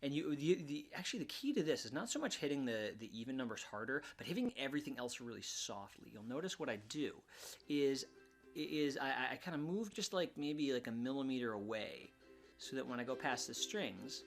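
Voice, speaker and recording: A man teaching ukulele in a relaxed, casual way, often restarting his words and counting beats aloud. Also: medium pitch, brisk, creaky. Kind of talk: casual instructional talk. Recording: ukulele music under voice. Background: ukulele playing.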